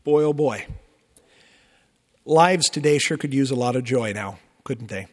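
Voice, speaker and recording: Lutheran pastor preaching in a reverberant church. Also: male voice, mid-range voice, measured pace. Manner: expressive preaching with emphatic rises and conversational asides. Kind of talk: sermon. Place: church sanctuary.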